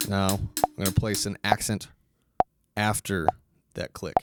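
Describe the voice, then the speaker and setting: A man's voice: deep voice, steady tone, unhurried. A man giving a casual music lesson, explaining step by step and counting beats aloud. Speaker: music teacher.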